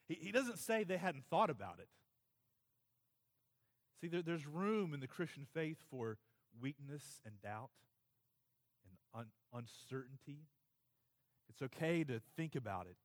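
A man preaching a conversational Sunday sermon as pastor, halting with many fillers, tired and near tears. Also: on the high side, expressive, long reverb tail. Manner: halting, filler-heavy, emotional. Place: church sanctuary.

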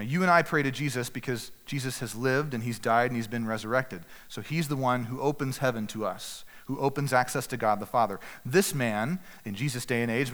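A male pastor preaching to his congregation at an ordinary middle pitch. He grows animated as he acts out the prayers he quotes, swinging from loud to soft. His voice rings with the long reverb of a church hall. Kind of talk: sermon.

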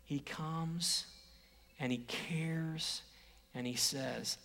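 A man with a fairly high voice preaches a sermon in an unhurried, deliberate way. He swings between hushed near-whispers and loud, emphatic exclamations, sometimes acting out quoted speech. His voice rings with a long hall reverb. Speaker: pastor.

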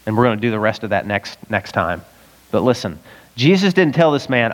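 A man pastor preaching an animated sermon, acting out voices with sudden jumps in pitch. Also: a little fast, highs cut off. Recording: long reverb of a church hall.

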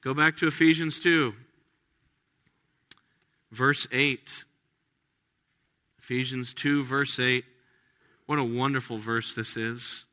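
Bright-voiced man preaching a sermon. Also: mid-range voice. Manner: earnest, conversational preaching with frequent restarts; slows down to stress key phrases. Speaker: pastor.

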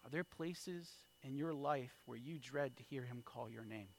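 A man in his thirties preaching a sermon, telling a story with big swings from hushed lines to loud calls. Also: medium pitch, moderate pace, a little hiss or hum. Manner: storytelling with wide swings in loudness, from hushed to shouted. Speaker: pastor.

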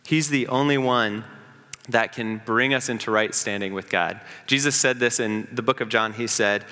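A man preaching a sermon as pastor, earnest, building up and slowing down for emphasis. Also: on the low side, bright, forceful tone, long reverb tail.

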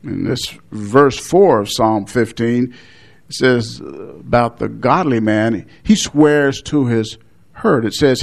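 A man's voice: medium pitch, slow, creaky. A man preaching an expository sermon, explaining a Bible passage with frequent restarts and short laughs.

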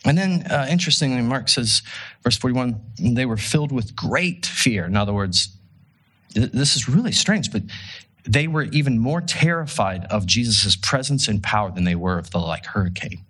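A man preaching a casual, conversational sermon, telling a story with rhetorical questions and an animated delivery. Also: mid-range voice, moderate pace, husky. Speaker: pastor.

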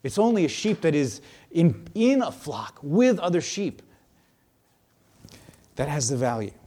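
A man preaches in a loose, conversational way, his voice pitched a little high. He gets animated and slips into the voices of the people he quotes. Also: unhurried. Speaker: pastor. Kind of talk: sermon.

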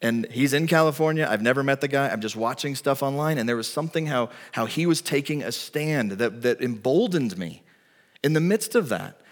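A man's voice: mid-range voice, animated, fairly quick. A man preaching a sermon as a pastor, talking in a conversational, storytelling way. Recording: long reverb of a large hall.

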